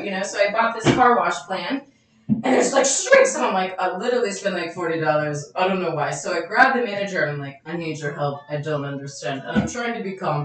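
A woman's voice: mid-range voice, fairly bright tone. Woman, podcast host, earnest, reflective, advice-giving, echoey room, distant mic. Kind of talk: reflective casual talk.

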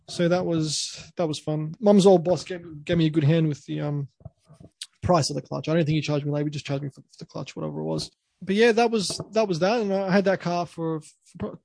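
A man's voice: on the high side, steady tone, normal speed, creaky, a little mellow, no echo. A young Australian man, a podcast co-host, telling a rambling story full of restarts and laughs. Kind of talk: casual storytelling.

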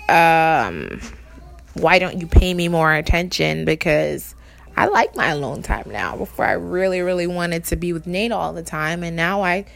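A woman in her thirties talks in a candid, reflective way, wandering through her thoughts with restarts. Her voice sits low and has a gravelly, creaky edge. It is casual podcast chat with her husband. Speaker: podcast co-host.

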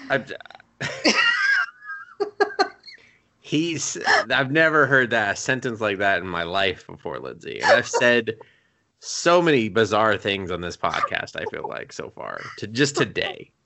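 Animated, swooping man podcast co-host. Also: fairly low pitch, measured pace, gravelly, a little hiss or hum. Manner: animated, jokey, swearing. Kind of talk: casual chat.

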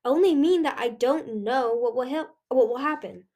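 A woman's voice: sits high, normal speed, mellow. A woman voicing a sly male dragon who speaks dryly. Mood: nervous. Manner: dry, explaining.

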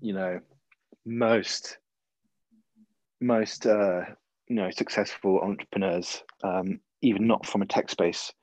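A man's voice: on the low side, steady tone, takes it slowly, pauses often, darkish tone, no echo. A man in casual chat, joking and laughing often, with restarts that trail off.

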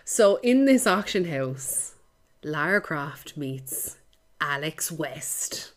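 A woman hosts a casual movie podcast, talking in a lively, sweary way and laughing easily at her own jokes. Her voice sits slightly low for a woman. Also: drawn-out words. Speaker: podcast host.

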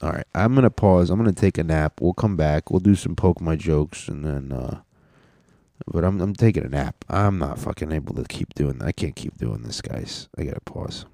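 A man's voice: very deep voice, expressive, moderate pace, creaky, dark tone, no room sound, studio quality. A young man hosting a casual solo podcast, rambling in laid-back, profane slang. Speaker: podcast host and stand-up comedian.

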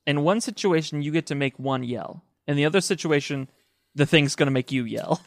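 Brief: relaxed male host, slightly high voice, dry close mic. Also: brisk, no room sound. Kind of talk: casual comedic chat.

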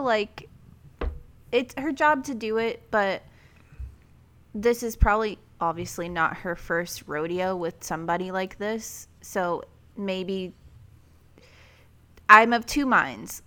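A woman chatting on a podcast, loosely weighing up theories about the characters. She talks in a slangy, easygoing way at a middle pitch. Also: bright, forceful tone. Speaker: podcast co-host. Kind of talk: casual chat about a TV episode.

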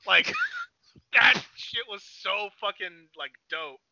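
A young man chatting on a podcast, excitable and swearing a lot, acting out scenes with sudden shouts. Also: high-pitched, slow, no echo, lo-fi sound. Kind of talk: excited casual chat.

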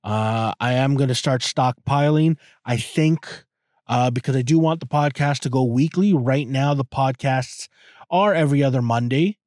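A man's voice: medium pitch, normal speed, darkish tone, dry recording, studio quality. A man hosting his own podcast, talking casually and rambling, often repeating words and swearing as he goes. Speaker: podcast host. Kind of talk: casual solo podcast talk. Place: inside a parked car.

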